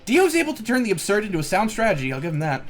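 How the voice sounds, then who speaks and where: A man's voice: sits high, big pitch swings, very fast, faint music behind. A man hosting a casual podcast, recapping episodes in a jokey way, swearing and laughing freely. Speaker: podcast host. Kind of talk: casual anime recap chat.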